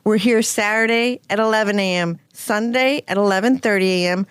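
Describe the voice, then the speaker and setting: Woman radio host, mid-pitched and upbeat, close dry studio mic. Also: fairly quick, clear, resonant tone, no echo. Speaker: radio show host and real estate broker. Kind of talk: radio talk show hosting.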